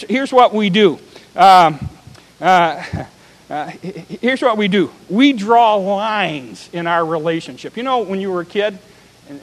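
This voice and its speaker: Male preacher, high voice, emphatic and rhetorical, long hall reverb. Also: fairly bright tone. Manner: emphatic preaching with rising and falling volume, repeated rhetorical questions. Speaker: pastor. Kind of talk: sermon.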